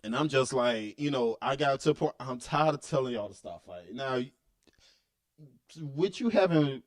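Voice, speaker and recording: A man's voice: mid-range voice, expressive, moderate pace. A man co-hosting a casual comedy podcast, telling stories with frequent laughter, stammers and restarts. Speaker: podcast co-host.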